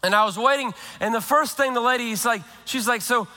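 Bright, high-voiced pastor in echoing hall. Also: male voice. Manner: animated, humorous storytelling with quick restarts. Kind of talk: sermon with prayer and storytelling.

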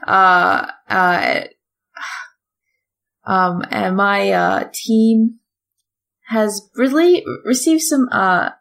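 Woman player, slow and hesitant, giggly, mid-pitched voice. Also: a bit bright. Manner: hesitant, many ums, giggly. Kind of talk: tabletop game play.

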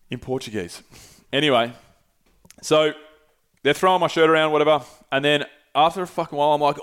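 A young man casually telling a long travel story, animated and swearing freely. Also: on the high side, brisk, smooth. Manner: animated, swears freely, acts out quoted voices. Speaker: podcast host.

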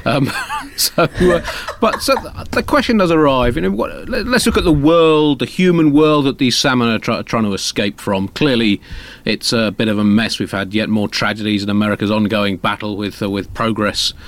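A man's voice: medium pitch, moderate pace. Wry man hosting a comic news show. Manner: playful, wry, hesitant fillers. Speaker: host. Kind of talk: comedic news chat.

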